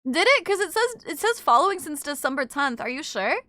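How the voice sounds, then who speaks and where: High, bright girl streamer chatting w her chat, bubbly and apologetic, dry close mic. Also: very animated, no echo. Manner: apologetic, bubbly, quick to laugh and gasp.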